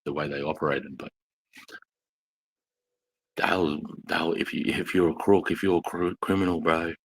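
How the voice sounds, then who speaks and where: A man's voice: deep voice, fairly even intonation, moderate pace, a little hiss or hum. An Australian man telling crude, slang-filled stories in casual chat. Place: bar.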